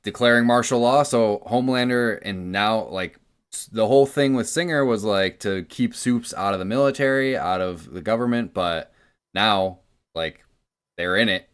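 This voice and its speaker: Co-host, very deep male voice, loose rambling recaps. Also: normal speed, clear, resonant tone. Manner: rambling, filler-heavy recaps. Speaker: podcast co-host. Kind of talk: casual podcast chat.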